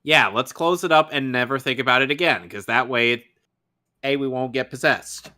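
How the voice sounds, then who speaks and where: A man co-hosting a casual movie podcast, speaking haltingly and prompting the others with questions. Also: mid-range voice, pushed and bright. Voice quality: halting, asks his co-hosts questions. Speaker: podcast co-host.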